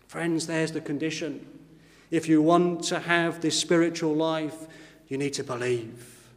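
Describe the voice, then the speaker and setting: A man preaching a sermon in an earnest style, slowing down whenever he quotes scripture. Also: on the high side, steady tone, in a large hall. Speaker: pastor. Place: church.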